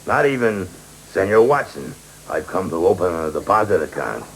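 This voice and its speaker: An actor playing a menacing, godfather-style male bank manager in a TV sketch, with a deep, slow, threatening drawl. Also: sing-song. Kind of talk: 1980s TV sketch comedy. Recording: noisy old TV broadcast.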